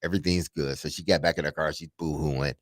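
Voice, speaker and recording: A man's voice: very deep voice, fast talker, no echo, studio quality. A middle-aged man, a radio host telling a story casually and dramatically, laughing as he goes. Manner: animated, laughing, dramatic retelling.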